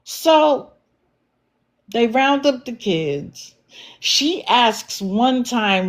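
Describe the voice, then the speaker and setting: A woman's voice: high voice, lively intonation, a little slow. Blunt, scolding woman livestream host. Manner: blunt, scolding, sarcastic rhetorical questions. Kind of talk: commentary livestream.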